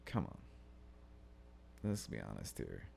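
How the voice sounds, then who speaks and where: Slow, gravelly-voiced man musing aloud. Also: rumbling low, wildly swooping pitch, darkish tone, a little hiss or hum. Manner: meandering, self-interrupting, swears casually. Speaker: podcast host. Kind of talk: rambling solo podcast musing. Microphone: studio-style podcast mic.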